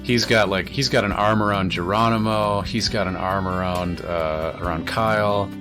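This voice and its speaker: Laid-back low-voiced game master. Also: male voice, steady tone, moderate pace, music in the background. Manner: laid-back, rambling with fillers. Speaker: dungeon master. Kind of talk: narrating a tabletop game.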